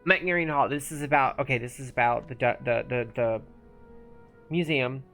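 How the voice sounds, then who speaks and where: Playing a game on a live stream, a streamer chats casually, thinking out loud and occasionally mumbling. The voice is medium-pitched and fairly bright at a moderate pace, with faint music in the background.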